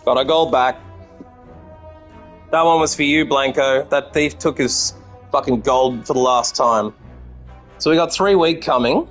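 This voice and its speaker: A man's voice: mid-range voice, measured pace, pauses often, fairly bright tone, soft background music. An Australian man streaming a card game, chatting with viewers and swearing freely as he plays. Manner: chatty and profane, talking to chat. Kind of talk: casual gameplay commentary.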